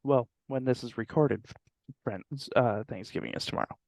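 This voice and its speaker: A man's voice: mid-range voice, moderate pace, vocal fry, a little mellow, dry recording, studio quality. A man hosting a podcast in casual chat, teasing his co-host and laughing often.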